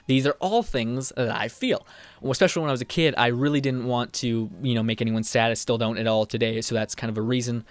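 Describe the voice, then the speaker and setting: A young man talking in a personal vlog, rambling and halting, with many restarts and fillers. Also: medium pitch, no echo. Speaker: vlogger.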